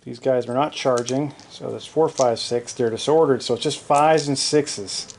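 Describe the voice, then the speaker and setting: A man narrating his own tabletop wargame in a casual play-by-play, excitable, joking and swearing at his dice rolls, recorded in a home basement. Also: medium pitch, normal speed, slight background noise. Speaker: wargaming hobbyist narrating a battle report.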